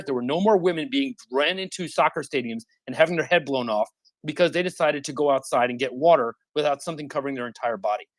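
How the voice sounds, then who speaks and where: Man, thirties, passionate and insistent, mid-pitched voice, dry close sound. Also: a bit bright, no room sound. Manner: passionate, insistent, repeats himself when interrupting. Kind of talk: heated debate.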